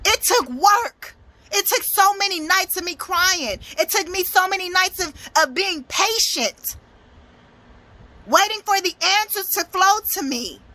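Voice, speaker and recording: A woman's voice: very high voice, lively intonation, unhurried, sharp tone, no room sound. A young adult woman giving a blunt, profane, emphatic motivational tarot reading. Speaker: motivational speaker and tarot reader.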